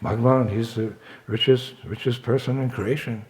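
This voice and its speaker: A man's voice: mid-range voice, fairly even intonation, moderate pace, darkish tone, lightly acted. A man voicing a learned male monk in a spoken story, explaining in a matter-of-fact way.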